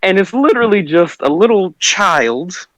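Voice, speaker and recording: A man's voice: high-pitched, moderate pace, no echo, poor audio. Blunt young man chatting, dry sound. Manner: relaxed, blunt, lots of backchannel. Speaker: podcast co-host, voice actor. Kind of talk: casual chat.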